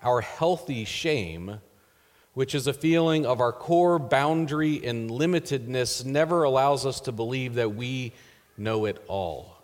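A man preaching a sermon as pastor, earnest and measured, letting his phrase endings trail off softly. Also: mid-range voice, big-room sound.

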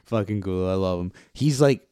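A man co-hosting a podcast, trading casual, profane banter and acting out the people in his stories in loud bursts. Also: low voice, brisk, smooth, no room sound, clean studio sound. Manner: rambling, profane storyteller who mimics others loudly. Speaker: podcast co-host.

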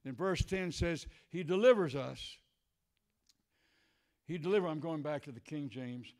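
An older male preacher delivering a sermon, swinging between shouted declarations and hushed, tender passages. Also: on the high side, a little fast.

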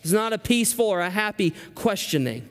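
A male pastor preaching a sermon emphatically, climbing high when he reads scripture aloud. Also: sing-song, fairly quick, in a large hall.

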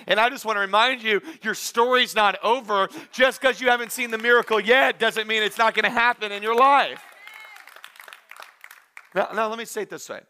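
Male pastor, sermon delivery, high-pitched and bright, lively with comic asides. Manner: animated preaching with acted-out asides and humor.

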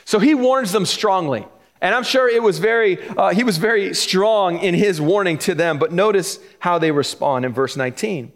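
High-voiced man preaching conversationally. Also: moderate pace. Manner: conversational, explains each verse with asides; chuckles between points. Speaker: pastor. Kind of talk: sermon.

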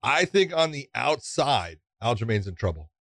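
A man's voice: mid-range voice, very animated, moderate pace, fairly bright tone, no echo. A man co-hosting a casual chat, talking emphatically and ribbing his co-host while breaking down fights. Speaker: podcast co-host.

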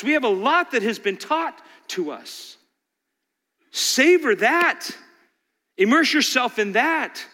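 High, bright-voiced preacher in a hall. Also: male voice. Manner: animated preaching, rhetorical questions, acting out voices. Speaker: pastor. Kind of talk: sermon.

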